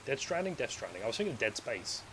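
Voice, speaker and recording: A man streaming a video game, chatting to himself and his viewers in a loose, rambling way. He jokes and swears freely as he plays, in a voice of ordinary middle pitch. A faint ambient hum sits under the voice. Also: lively intonation, quick pace. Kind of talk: casual live gameplay commentary.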